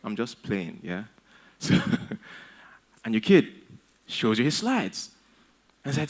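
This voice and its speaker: A man's voice: mid-range voice, slow pace, pauses often. A man giving a humorous motivational talk at a conference, telling stories with playful asides. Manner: animated storyteller, playful asides. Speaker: conference speaker.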